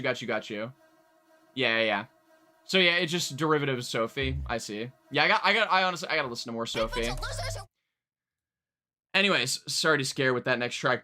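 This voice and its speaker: A young man chatting casually on a live music-reaction stream, rambling, excitable, and swearing freely. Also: on the high side. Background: faint music playing.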